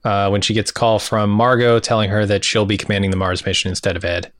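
A man co-hosting a casual podcast, recapping episode scenes from his notes in a relaxed, easygoing way. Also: lowish voice, fast, no echo, studio quality. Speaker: podcast co-host.

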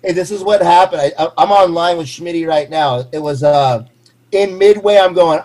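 A man in his forties, slightly tipsy, rambling excitably and swearing through a casual chat. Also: on the high side, normal speed, poor audio. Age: 40s. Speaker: guest on a call.

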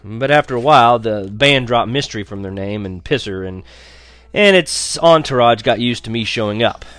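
A man's voice: mid-range voice, expressive, moderate pace, a bit bright, clear, resonant tone, no room sound. A young man narrating a first-person story in a wry, conversational way. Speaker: audiobook narrator.

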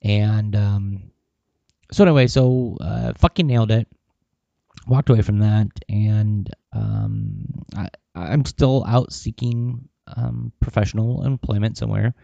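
A man's voice: on the low side, animated, takes it slowly, vocal fry, mellow, dry recording, dull audio. A man talking casually in a personal vlog, rambling with lots of fillers and swearing. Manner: rambling, profane, with many fillers. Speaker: vlogger.

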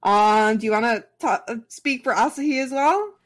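A woman reads a fan story aloud on a podcast, stumbling a bit and breaking off for chatty asides. Her voice sits fairly high. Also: moderate pace. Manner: casual, with restarts and asides while reading. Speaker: podcast co-host reading fan fiction. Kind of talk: reading aloud with commentary.

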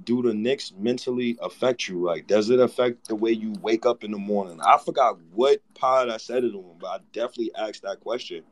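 A man's voice: fairly low pitch, brisk, few pauses. Laid-back male podcast host. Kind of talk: casual podcast chat.

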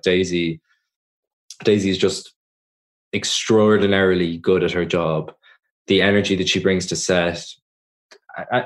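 On a podcast, a young Irish actor reflects on his work in a low, deep voice. His answers come slowly and thoughtfully, measured in pace, and he often pauses to rephrase and correct himself.

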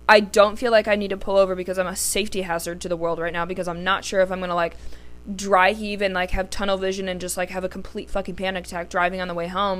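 A woman's voice: medium pitch, fairly bright tone. A young woman hosting a podcast, talking candidly in a casual, heartfelt way and swearing freely. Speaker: podcast host. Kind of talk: casual solo podcast talk.

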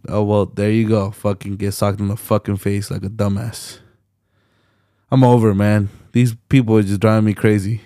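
A man's voice: on the low side, flat delivery, normal speed, dark tone, no room sound, clean studio sound. A young man hosting a solo podcast late at night, ranting bluntly with heavy profanity and slang. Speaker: podcast host.

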